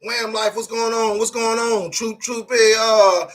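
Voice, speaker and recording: A man's voice: extremely high pitch, fairly even intonation, unhurried, fairly bright tone. A man hosting a casual live stream, reading chat comments aloud and joking with a laugh.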